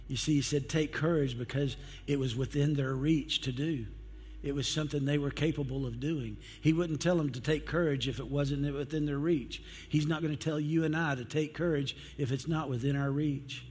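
A man preaching an evening sermon in a church sanctuary, his voice at an ordinary middle pitch. He is emphatic and slows right down when he quotes a line for effect. His voice rings through a hall with a long reverb, and faint music sits underneath. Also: steady tone, darkish tone. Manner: emphatic, with dramatic pauses and slowed quotes.

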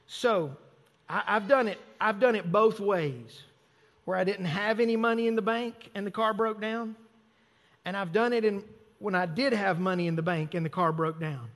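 High-voiced male preacher in a reverberant hall. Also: a bit bright. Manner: conversational, self-mocking preaching with acted asides. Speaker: pastor. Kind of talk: sermon.

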